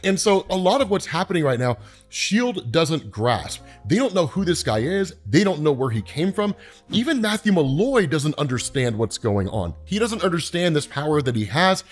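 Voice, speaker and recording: Casual, higher-voiced man recapping comics. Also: big pitch swings, moderate pace, faint music behind. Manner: casual, lots of "right?" and "like", acts out quotes in passing. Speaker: comics explainer host.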